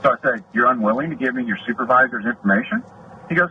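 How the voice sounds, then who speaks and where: Indignant middle-aged deputy, muffled and noisy. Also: male voice, mid-range voice, animated, quick pace. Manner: indignant, rambling, acts out quoted exchanges. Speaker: sheriff's deputy filing a complaint. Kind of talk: heated complaint retelling. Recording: muffled recording with clear background noise.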